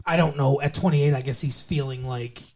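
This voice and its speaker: A man's voice: mid-range voice, normal speed, darkish tone. A man co-hosting a podcast, giving blunt, profane opinions in a casual movie review chat. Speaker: podcast co-host.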